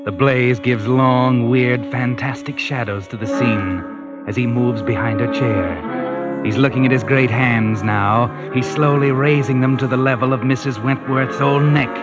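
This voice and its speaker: A man's voice: mid-range voice, steady tone, a little slow, over loud music. A man narrating a 1940s radio drama in a suspenseful, present-tense style, on an old broadcast.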